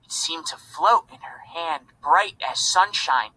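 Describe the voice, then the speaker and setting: Bright-voiced man reading a storybook. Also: a little high, expressive, slow, few pauses, slightly rough, poor audio. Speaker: reader. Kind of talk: storybook read-aloud.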